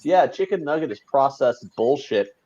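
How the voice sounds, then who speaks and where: Male co-host, mid-pitched voice, muffled lo-fi sound, blunt and teasing. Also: lively intonation, moderate pace, over a noisy crowd. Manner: teasing, ribbing co-hosts, blunt. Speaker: sports betting show co-host. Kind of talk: casual live game chat.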